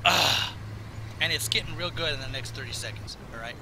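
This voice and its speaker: A man with a raw, strained voice giving rambling, excitable commentary over a video game he is playing. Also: fairly high pitch, fairly quick, vocal fry, very noisy. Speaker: gaming commentator. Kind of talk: casual gameplay commentary.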